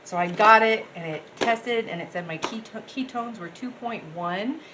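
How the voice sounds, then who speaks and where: A woman's voice: a little high, moderate pace, background noise. A woman, chatting casually and rambling cheerfully to her viewers as she cooks in her home kitchen. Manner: bubbly, rambling, talks straight to viewers. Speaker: cooking vlogger. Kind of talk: casual chatty cooking vlog.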